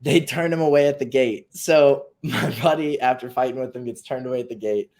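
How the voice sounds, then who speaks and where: A man's voice: mid-range voice, fairly quick, a little mellow. A man in his twenties, a pro soccer player, telling a story in a casual interview. He laughs mid-story and acts out what people said. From United States. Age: 20s. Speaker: professional soccer player, guest.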